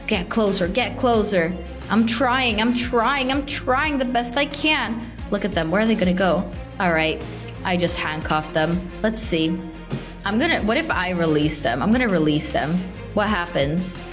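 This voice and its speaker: An excitable young woman gives playful running commentary as she plays a video game, often exclaiming and calling out to other players. Her voice sits at an ordinary middle pitch. Soft background music plays faintly underneath. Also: a little slow. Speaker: gaming channel host.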